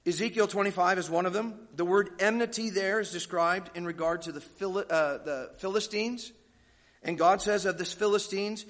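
A man's voice: high-pitched, normal speed, a bit bright. A male pastor preaching a sermon, explaining scripture with folksy joking asides to the congregation. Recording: long hall reverb.

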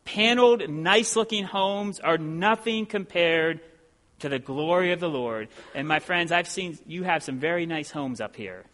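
A man's voice: on the high side, animated, normal speed, fairly bright tone. A middle-aged male pastor preaching a sermon with earnest, rising emphasis on key phrases.

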